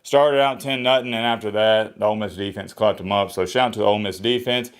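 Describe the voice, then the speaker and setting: A man doing a solo sports reaction vlog. He talks in a blunt, opinionated way, with energetic swings in pitch and a slightly hoarse voice. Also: fast. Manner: opinionated, blunt trash talk. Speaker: sports vlogger. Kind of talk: solo college football reaction.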